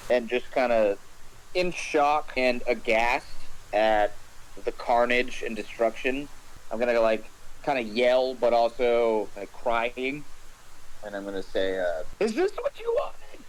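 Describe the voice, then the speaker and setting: A man at a tabletop game, narrating what his character does in a loose, halting way, full of filler words. His voice sits at an ordinary middle pitch with faint noise behind it. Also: steady tone, poor audio. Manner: hesitant, full of "like" and "kinda". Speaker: player.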